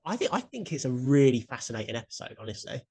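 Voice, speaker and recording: A man's voice: mid-range voice, big pitch swings, quick pace, a little mellow, slightly rough. A young man with a mid-range voice chatting casually on a podcast. He gushes with enthusiasm, laughs readily and keeps checking that he is understood. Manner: enthusiastic, laughs often, trails off into "do you know what I mean". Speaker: podcast co-host. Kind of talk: casual chat.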